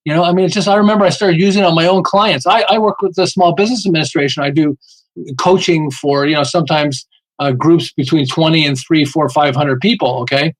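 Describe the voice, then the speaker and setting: Guy on a podcast, high voice, punchy storyteller, keeps going "okay?". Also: fairly even intonation, fairly quick, poor audio. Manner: emphatic, keeps asking "okay?", acts out quotes. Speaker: podcast guest, marketing author. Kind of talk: animated storytelling interview.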